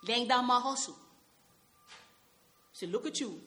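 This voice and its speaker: A woman's voice: fairly high pitch, unhurried, a bit bright. A woman playing a tough young Nuyorican man. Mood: taunting. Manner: tough, confrontational street talk mixed with Spanish. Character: streetwise young Puerto Rican man from Brooklyn, hardened and bitter. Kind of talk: dramatic monologue.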